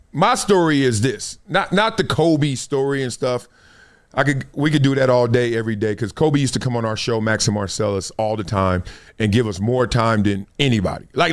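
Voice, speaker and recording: A middle-aged man with a Los Angeles accent, hosting his show and telling a long story in casual chat, acting out the scenes with slang. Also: mid-range voice. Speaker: host.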